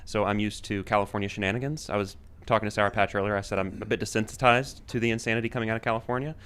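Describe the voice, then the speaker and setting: A man with an Appalachian accent talks as a guest, nervous and self-deprecating. His lowish voice is smooth and clear, and he talks very fast. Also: steady tone, a bit bright. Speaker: guest, news editor.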